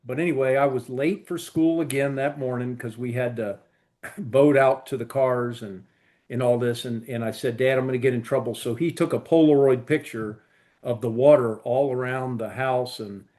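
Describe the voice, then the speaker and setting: A man, co-hosting a podcast, chats casually in a mid-range voice with a dark tone at a moderate pace. His stories run long and rambling, packed with fillers.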